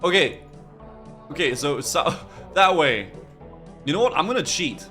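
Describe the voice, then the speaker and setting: A man's voice: fairly high pitch, big pitch swings, normal speed, bright, forceful tone, soft background music. A man streaming a game, joking and stumbling over his words. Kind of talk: gameplay commentary.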